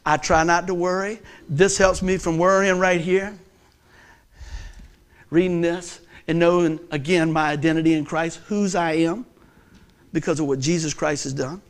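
A middle-aged man preaching a sermon as pastor, animated and joking, telling stories and acting out voices. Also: on the high side, moderate pace. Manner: animated, joking storyteller who acts out voices.

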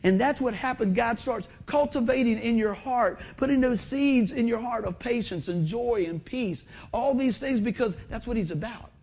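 Middle-aged man pastor, folksy and animated, raspy high-pitched delivery. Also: normal speed, few pauses. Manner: animated, folksy, asks the congregation questions. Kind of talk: sermon. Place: church sanctuary.

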